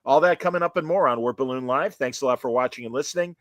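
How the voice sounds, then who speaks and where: A man hosting a live interview stream, relaxed and full of fillers, reading out chat comments. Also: medium pitch, quick pace, dry recording. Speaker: podcast host.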